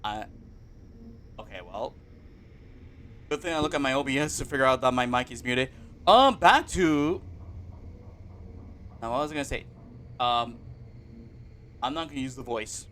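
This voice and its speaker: A streamer talking live while playing a wrestling game, with loud melodramatic apologies and outbursts, recorded on a home desk mic. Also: mid-range voice, animated, normal speed, pauses often, slight background noise. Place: home room with open windows.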